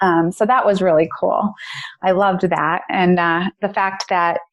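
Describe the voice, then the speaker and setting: A woman's voice: fairly low pitch, measured pace, no room sound. A woman guest on a podcast, telling a personal story in casual chat, laughing often and acting out what people said. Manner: animated, laughs often, acts out quotes.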